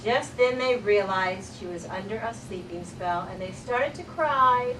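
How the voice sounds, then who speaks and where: A teacher narrating a children's class play in a slow, expressive storybook manner. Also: female voice, mid-range voice. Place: school room with children. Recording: echoey room from far off, loud crowd noise.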